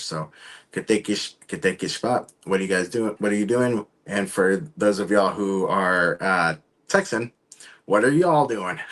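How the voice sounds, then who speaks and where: A man hosting his own live online show, talking casually and haltingly while he waits for his guests. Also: lowish voice, a bit bright. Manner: rambling, halting, trails off. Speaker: show host. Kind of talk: casual livestream talk.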